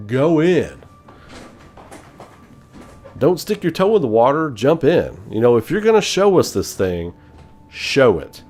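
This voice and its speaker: A man hosting a gaming channel, chatting casually on a live stream in an animated, profane way, laughing often. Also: mid-range voice, unhurried, long pauses, faint music behind.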